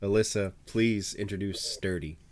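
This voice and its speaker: Low-voiced game master. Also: male voice, fairly even intonation, moderate pace, no echo. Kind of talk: running a tabletop game.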